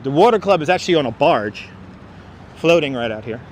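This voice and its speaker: A New York man hosts a livestream while walking a city waterfront, chatting and joking with his viewers and addressing the chat directly. His slightly high voice is expressive and fairly quick. A wireless clip-on mic picks him up close, with faint outdoor traffic behind him.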